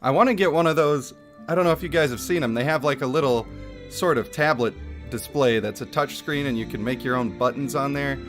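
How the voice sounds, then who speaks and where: A chatty male gaming streamer at home, talking loosely at a middling pitch and breaking into laughs. His desk microphone is close, with faint music playing underneath. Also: brisk. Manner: chatty, excitable, laughs often. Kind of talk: casual game commentary. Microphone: desk microphone picking up chair rumble.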